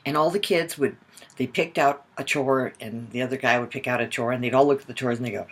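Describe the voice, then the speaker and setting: An older woman coaching mothers, telling a personal story in an expressive way and acting out the voices in it. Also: a bass voice, fast. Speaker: parenting coach.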